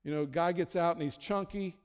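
A pastor gives a conversational sermon, joking at his own expense and restarting often. His voice is a little high and clean, fairly quick, and a long hall reverb surrounds it.

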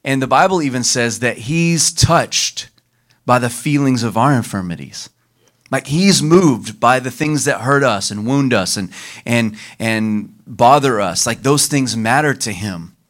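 A man preaching a sermon as pastor, leading the congregation in call-and-response and slowing down for emphasis. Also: mid-range voice, animated, fairly bright tone. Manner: leads the congregation in call-and-response, varies his pace for emphasis.

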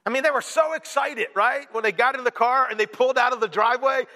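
A man preaching a sermon to his congregation, animated and playful, acting out whiny kids and an annoyed parent. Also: very high voice, quick pace, few pauses. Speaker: pastor. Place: church hall. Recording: reverberant hall.

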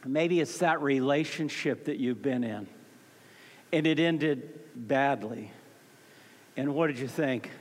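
A man preaching a sermon as pastor, emphatic and fervent, swinging from loud peaks to soft, low passages and often repeating words as he starts a phrase. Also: fairly even intonation, measured pace. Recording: long hall reverb.

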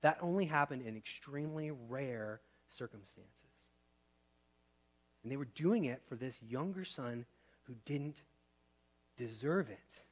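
A man in his thirties, a pastor preaching a sermon in a conversational way, asking the room questions and shifting between loud and soft. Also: medium pitch, expressive, measured pace, long pauses.

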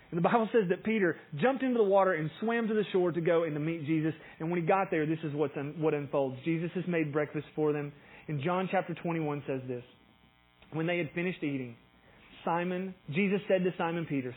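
A man's voice: a little high, fast, breathy edge, phone-quality sound. A middle-aged male pastor preaching a sermon, retelling scripture as a story and acting out its dialogue with rising intensity.

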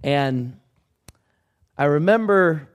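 A man, a pastor, telling a personal story in a sermon, conversational but swinging from hushed asides to loud outbursts. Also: fairly high pitch, expressive, very slow. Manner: conversational with fillers.

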